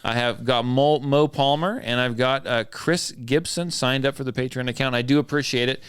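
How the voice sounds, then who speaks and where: A man's voice: medium pitch, steady tone, moderate pace, fairly bright tone, clean tone, no room sound, studio quality. A man hosting a podcast in casual chat, loose and joking about himself. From southern Idaho. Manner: loose, joking, self-deprecating. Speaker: podcast host.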